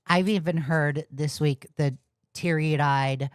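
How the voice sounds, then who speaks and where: A woman's voice: sits low, expressive, measured pace, smooth, dry recording, clean studio sound. A woman giving sarcastic, exasperated reaction commentary. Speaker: commentary YouTuber.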